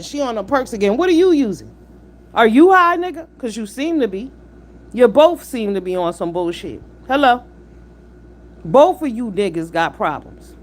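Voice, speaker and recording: Blunt, profane woman in her fifties. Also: a little high. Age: 50s. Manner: blunt, profane and preachy, with rhetorical questions. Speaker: livestream host. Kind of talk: live-stream commentary with chat shout-outs.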